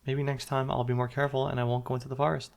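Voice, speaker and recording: A man's voice: medium pitch, level tone, racing, gravelly, natural voice. A man voicing a four-year-old girl in a children's story, raising his voice to sound small, pleading and scared. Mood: scared, crying. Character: little girl of four, sweet and frightened.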